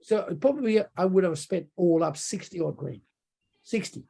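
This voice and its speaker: A man's voice: high voice, lively intonation, normal speed, creaky, warm tone. A man telling a story in a casual interview, rambling and often tagging "right?" onto his sentences. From Australia. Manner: rambling, repeats words, frequent "right?" tags. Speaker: interview guest.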